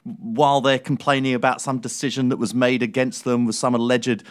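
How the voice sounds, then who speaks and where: A man's voice: mid-range voice, little pitch movement, fairly quick. A man co-hosting a football podcast, talking in earnest, admiring, conversational chat. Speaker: podcast co-host.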